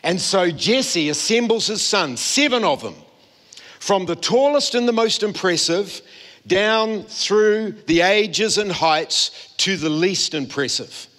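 A man's voice: high voice, lively intonation, takes it slowly, fairly bright tone. A man preaching a sermon, telling the story and acting out the quoted voices. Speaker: pastor. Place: church hall.

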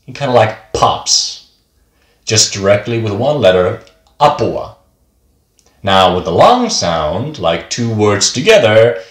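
A man teaching a beginner pronunciation lesson, speaking patiently and repeating each example word twice. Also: on the low side. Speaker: language teacher. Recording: echoey room.

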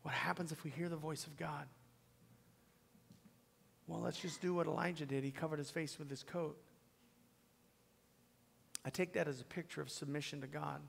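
A man preaching a sermon to his church, swinging from loud, pleading peaks down to a hushed whisper. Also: fairly high pitch, steady tone, normal speed, creaky, pauses often, breathy edge. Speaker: pastor. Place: church sanctuary. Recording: long reverb of a church hall.

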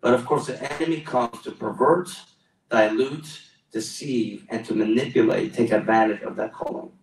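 A man's voice: medium pitch, moderate pace. A male pastor preaching a sermon in a church hall, exclamatory and calling for responses from the congregation. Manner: exclamatory, calls for audience responses. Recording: roomy echo, mic at a distance.

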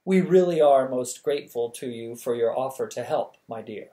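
A reader doing a gentle, courteous old king. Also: medium pitch, lightly acted. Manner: warm, unhurried courtesy.

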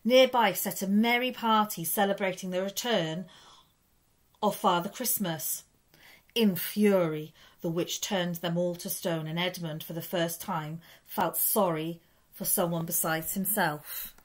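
Female teacher narrating a kids' book, expressive storyteller delivery. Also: on the low side, measured pace. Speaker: primary school teacher. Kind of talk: reading a children's story aloud.

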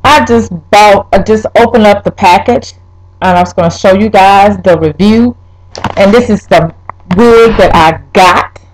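A young woman vlogging a wig review, talking straight to her viewers, swearing and exasperated, her voice jumping up high when upset. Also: a little slow, rough recording. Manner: pitch leaps when upset. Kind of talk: casual vlog, ranting.

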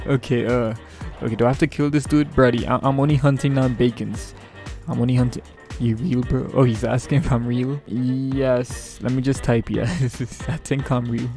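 Man, gaming commentary, gravelly voice, mock-villain trash talk, game music underneath. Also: medium pitch. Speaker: gaming YouTuber. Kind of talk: live gameplay commentary.

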